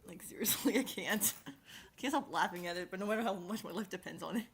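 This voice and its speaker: A woman's voice: medium pitch, quick pace. A woman hosting a casual stream, talking in a giggly, rambling, self-deprecating way, with a lisp. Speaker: streamer host.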